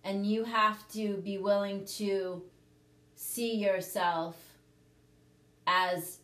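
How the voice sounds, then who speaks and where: Female host, casual teaching chat, earnest coaching tone, mid pitch, echoey room. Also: steady tone, extremely slow, fairly bright tone. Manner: earnest, coaching, repeats points with "okay?".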